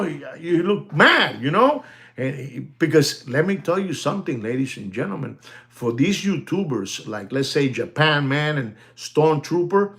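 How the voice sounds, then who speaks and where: Rambling watch dealer, slightly higher man. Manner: animated and rambling, addressing ladies and gentlemen; laughs often. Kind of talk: casual chat.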